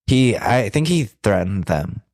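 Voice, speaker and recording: A man's voice: fairly low pitch, lively intonation, a little slow, darkish tone, dry recording, studio quality. A young man co-hosting a podcast, telling a candid story in a blunt, profane, self-deprecating way. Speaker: podcast co-host.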